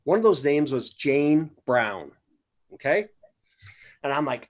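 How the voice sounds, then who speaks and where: A man's voice: fairly high pitch, big pitch swings, slow. A man co-hosting a podcast, telling a playful, exaggerated story to open the show. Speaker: podcast co-host. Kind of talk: casual storytelling intro.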